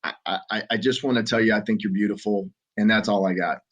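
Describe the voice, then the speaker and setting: Earnest Southern man, slightly low voice. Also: fairly even intonation, a bit bright. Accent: Southern American. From Southern United States. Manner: earnest, halting, with many restarts and fillers. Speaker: podcast guest, father. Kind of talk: conversational storytelling. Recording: muffled lo-fi audio.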